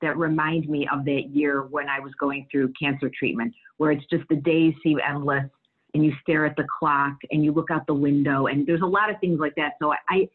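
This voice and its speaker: A middle-aged woman, an actress, tells stories in a casual interview, candid and animated and often laughing. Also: low-pitched, normal speed. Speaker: guest actress. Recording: tinny phone-like line.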